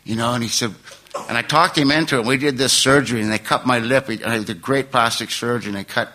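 An older man stands before a recovery meeting and tells a long, painful story from his own life. His voice is bright and forceful. He rambles and laughs at himself. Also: medium pitch. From California.

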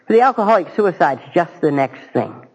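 A man giving a halting, earnest personal testimony to a recovery group, with dry self-mocking humor. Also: a little high, sing-song, slightly rough, low-quality recording. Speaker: speaker sharing his recovery story.

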